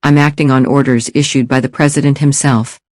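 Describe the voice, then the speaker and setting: A man voicing a calm, courteous former special forces operative with a British accent, speaking softly and formally. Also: mid-range voice, brisk, no room sound, lightly acted. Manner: soft-spoken, courteous, formal.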